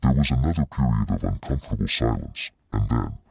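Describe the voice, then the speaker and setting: Very deep gravelly male narrator. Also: lively intonation, a little fast, no room sound, muffled recording. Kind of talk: scripted audiobook narration.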